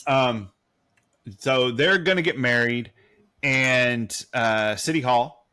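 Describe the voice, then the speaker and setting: Bright-voiced man ranting casually. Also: medium pitch, slow pace, clean tone. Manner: rambling, profane, sarcastic. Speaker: podcast co-host. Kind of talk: casual recap chat.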